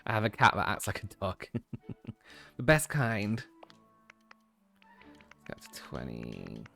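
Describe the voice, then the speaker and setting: A man's voice: fairly low pitch, wildly swooping pitch, slow, gravelly, fairly bright tone, faint music behind. A man streaming a game, chatting casually and rambling as he plays, often breaking into laughter. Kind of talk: casual chat while playing a game.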